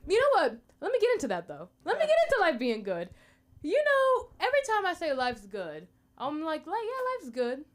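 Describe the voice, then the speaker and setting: Young American woman comic, rambling and chatty, high voice with a very lively swing. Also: a little fast. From United States. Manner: chatty, rambling, lots of fillers. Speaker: open mic comedian. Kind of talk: stand-up comedy.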